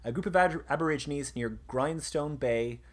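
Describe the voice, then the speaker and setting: A man's voice: fairly high pitch, normal speed. A man presenting history in a casual conversation, reading out passages, with many fillers and restarts. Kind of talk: casual podcast chat.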